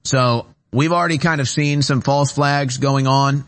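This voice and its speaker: A male talk-show host speaking from a studio at a middling pitch. He rants emphatically and keeps circling back on his points with growing urgency. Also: fairly even intonation, a little slow, a bit bright. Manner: emphatic, repetitive, urgent ranting. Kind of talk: political commentary monologue. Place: radio studio.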